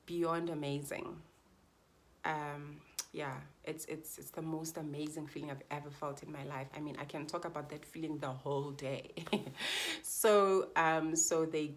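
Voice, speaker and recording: A young woman vlogger telling her birth story to camera in a chatty, heartfelt way, repeating phrases for emphasis. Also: sits low. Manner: chatty and heartfelt, often addresses viewers as guys.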